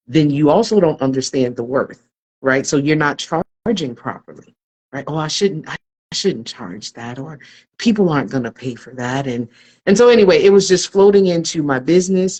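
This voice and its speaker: A woman's voice: low voice, a little mellow, rough recording. Woman, podcast guest, earnest, reflective, open storytelling. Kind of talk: candid personal storytelling.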